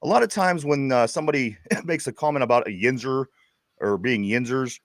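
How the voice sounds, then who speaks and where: A man's voice: mid-range voice, a little fast, dry recording, studio quality. A man from Pittsburgh with a Pittsburgh accent, co-hosting a casual sports chat show, rambling and laughing as he stumbles over his words. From Pittsburgh, USA. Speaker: podcast co-host.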